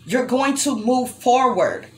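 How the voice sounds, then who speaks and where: A woman's voice: fairly high pitch, very animated, takes it slowly. A young adult woman giving an emotional tarot reading to her viewers, swearing freely and speaking tenderly to the listener. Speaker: tarot reader.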